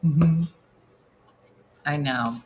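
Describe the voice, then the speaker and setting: A woman's voice: sits low, drawn-out words, lo-fi sound, a little hiss or hum. A middle-aged woman comedian hosting a casual morning cooking show, chatting wryly while she cooks and answering viewers' comments aloud. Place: home kitchen.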